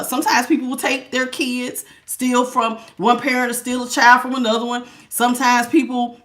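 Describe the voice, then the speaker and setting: Bright-voiced woman preaching a tarot reading. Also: fairly high pitch. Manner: preachy, emphatic, repeats words for stress. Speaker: tarot reader. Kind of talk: live spiritual tarot reading.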